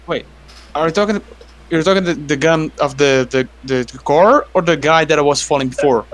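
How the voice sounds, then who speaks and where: Biraz tiz sesli, tereddütlü, sözlerini tekrarlayan bir oyuncu adam. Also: male voice, fairly high pitch, normal speed, a little hiss or hum. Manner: hesitant, repeats himself. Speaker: player. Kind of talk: casual chat in a tabletop game.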